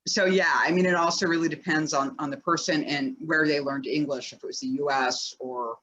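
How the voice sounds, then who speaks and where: A woman's voice: low voice, steady tone, fairly quick, fairly bright tone, muffled recording. A woman co-hosting a casual chat and reading listener questions, talking chattily with many "like" fillers.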